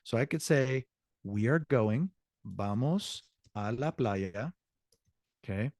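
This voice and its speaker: A man teaching an evening language class, explaining grammar slowly and repeating each example. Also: medium pitch, lively intonation, darkish tone, no echo. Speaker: Spanish teacher. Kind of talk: online class lecture.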